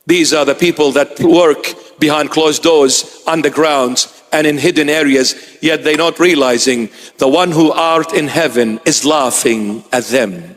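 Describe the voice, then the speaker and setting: Male preacher, high-pitched, emphatic and repetitive, long church echo. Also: measured pace, few pauses. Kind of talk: sermon. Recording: long reverb of a large hall.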